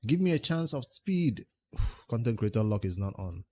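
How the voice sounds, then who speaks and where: A man's voice: mid-range voice, big pitch swings, moderate pace, warm tone. A man with a Nigerian accent livestreaming a game, chatting casually, answering viewers' questions and muttering about his progress. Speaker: game streamer.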